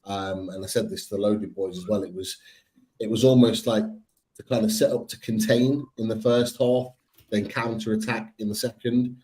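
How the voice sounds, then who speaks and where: A man giving measured, hesitant football analysis with many pauses in a casual podcast. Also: lowish voice, steady tone, mellow, low-quality recording. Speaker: Newcastle fan pundit.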